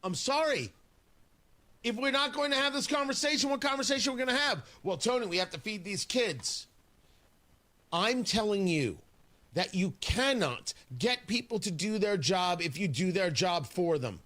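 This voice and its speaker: A man with a high, bright voice hosts talk radio from a studio mic. His pitch swings widely as he argues, sarcastic and emphatic, pressing each point with indignation. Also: expressive, normal speed. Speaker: radio talk show host. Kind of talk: opinionated talk radio monologue. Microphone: studio microphone.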